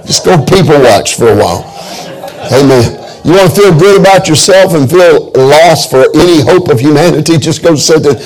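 A male pastor delivers a sermon as a string of folksy, humorous stories. His voice sits a little high and carries a gravelly fry. He often stumbles and restarts mid-sentence. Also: expressive, normal speed, rough recording. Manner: folksy, joking storytelling with many restarts.

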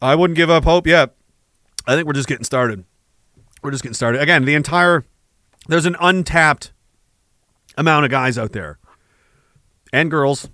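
Bright-voiced profane male podcast host. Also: a little high, no room sound, clean studio sound. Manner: profane, joking, slips into put-on accents. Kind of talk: casual livestream talk reading chat.

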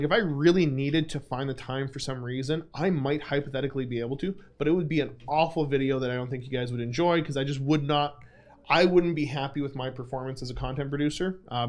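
A man's voice: fairly high pitch, darkish tone. A young man hosting a livestream Q&A, chatting casually with lots of fillers and self-deprecating asides. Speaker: livestream host.

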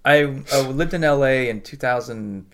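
A man's voice: mid-range voice, moderate pace. A middle-aged man from the Boston area, co-hosting a casual podcast chat and telling stories with lots of laughter. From Boston area, USA. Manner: animated storyteller, frequent laughter. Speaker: podcast co-host.

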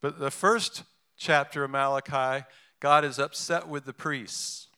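Man pastor, sermon delivery, bright and clear voice, talky and animated. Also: medium pitch, measured pace. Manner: conversational, animated, with restarts and asides.

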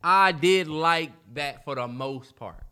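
A man's voice: a little high, takes it slowly, sharp tone, clear, resonant tone. A man co-hosting a podcast in casual chat, talking animatedly and emphatically with lots of slang and filler ums. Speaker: podcast co-host.

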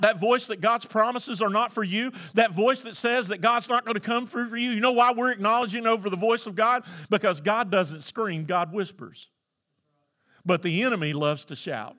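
Male pastor, sermon, high voice, call-and-response. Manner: preaching with call-and-response, rising to shouts.

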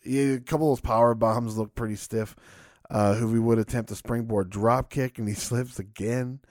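A man's voice: mid-range voice, steady tone, normal speed, a little mellow, dry recording, clean studio sound. A man co-hosting a casual podcast, recapping matches with frequent laughs and swearing. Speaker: podcast co-host. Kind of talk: casual chat.

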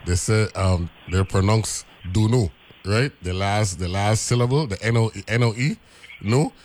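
A man's voice: fairly low pitch, normal speed, slight background noise. A man hosting a radio talk show, rambling with many repeated words and asking "right?" often. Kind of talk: casual radio chat.

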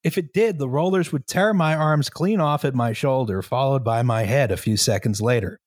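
A man reading a story aloud to a co-host in a measured, steady way, now and then breaking into laughter. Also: mid-range voice, dry recording, studio quality. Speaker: story reader.

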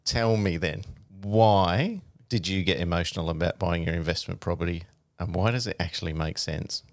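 A man's voice: low-pitched, moderate pace, dry recording. A middle-aged man hosting a studio interview, talking in a conversational way with fillers and restarts. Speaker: show host.

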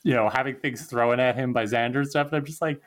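Podcast co-host, man, mid pitch, wry and jokey in casual talk. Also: fast talker. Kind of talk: casual chat.

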